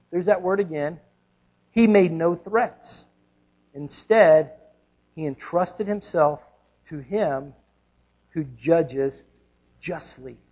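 A man's voice: high-pitched, darkish tone, slightly rough, dull audio. A man preaching a sermon as a pastor, emphatic, with rhetorical questions and repetition.

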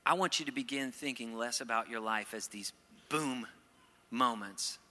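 Middle-aged male pastor, very bright tone, humorous then earnest, reverberant hall. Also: medium pitch, moderate pace. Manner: playful, acts out quoted voices, then earnest. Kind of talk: sermon.

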